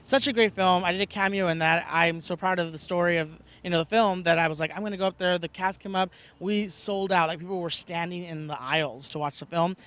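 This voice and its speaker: Young male actor as interview guest, high voice, rapid and lively delivery. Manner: animated, laughs often, acts out quotes. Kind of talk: casual interview chat.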